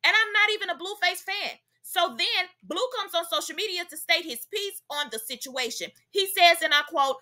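A woman's voice: extremely high pitch, moderate pace, hardly any pauses, pushed and bright. A young woman hosting a celebrity gossip vlog, talking in a sassy, emphatic way and tagging her points with "okay?". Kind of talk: chatty gossip commentary.

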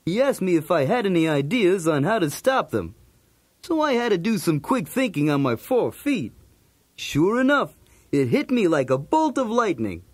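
A man's voice: high voice, very animated, moderate pace, husky, no room sound, heavily acted. A man voicing a cool, wisecracking male cartoon dog, narrating a storybook cassette in a jokey, streetwise manner. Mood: breezy.

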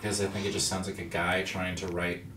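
A man's voice: low voice, level tone, a little fast, pushed and bright. A man, an actor and writer, chatting casually in an interview and telling rambling, jokey stories in which he acts out what people said. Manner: rambling, jokey storyteller who acts out quotes. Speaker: actor and screenwriter guest. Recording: echoey room, distant mic, light noise.

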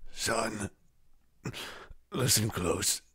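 A man voicing a stern, old-fashioned father who scolds pompously in an animated parody. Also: lowish voice, very slow. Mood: weak, earnest.

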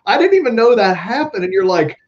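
A man's voice: high voice, big pitch swings, brisk. A man hosting an online talk show, chatty and upbeat with many fillers. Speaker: host. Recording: dull lo-fi audio.

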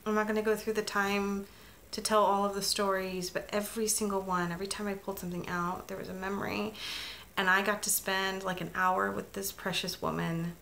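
A woman's voice: medium pitch, level tone, brisk, vocal fry, a bit bright. A middle-aged woman telling a story as a crafting vlogger, chatty and emotional, with many restarts and asides. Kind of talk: casual vlog chat.

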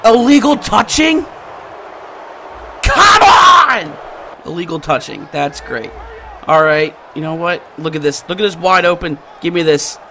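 High lively young male game commentator, noisy background. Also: moderate pace. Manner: animated, shouts and laughs at plays. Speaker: gaming channel host. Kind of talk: excited gameplay commentary.

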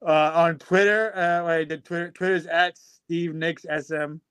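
A man's voice: fairly high pitch, fairly even intonation, unhurried, fairly bright tone, clean tone, no room sound. A man co-hosting a podcast, rambling with fillers and teasing his co-host in a mock-prudish way. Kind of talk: casual podcast chat.

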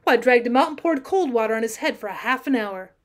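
High-voiced woman reading a classic story. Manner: measured, expressive storytelling. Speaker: teacher reading aloud. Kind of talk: audiobook narration.

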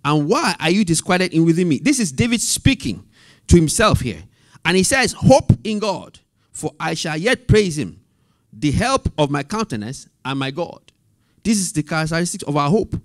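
A man teaching a Bible study, reading scripture slowly and repeating references and key phrases, asking the group for amen. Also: a little high, sing-song, no echo, clean studio sound.

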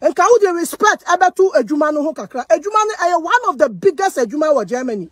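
Heated Ghanaian woman, high and dry. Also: big pitch swings, fast talker, a bit bright, no echo. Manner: mixes Twi and English, heated and accusing. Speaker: social media personality. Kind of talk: heated monologue. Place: living in Germany.

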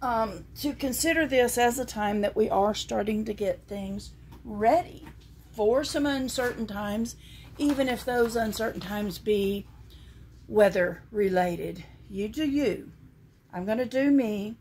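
A vlogger with a Southern American accent reads scripture aloud and shows things to her viewers, chatting in a homespun way during a casual show-and-tell. Her voice is on the high side with a darkish tone, a little slow, over a bit of hiss or hum.

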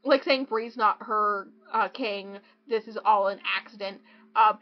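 A woman's voice: medium pitch, a little slow. A young woman hosting a casual podcast, gushing about a book and reading passages aloud. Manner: gushing, excitable, swings between reading and joking. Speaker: podcast host. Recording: dull lo-fi podcast audio.

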